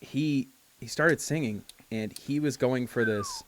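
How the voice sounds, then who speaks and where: A man's voice: medium pitch, a little slow, slight background noise. A young man, a podcast host, chatting casually in a laid-back, joking way, full of "like".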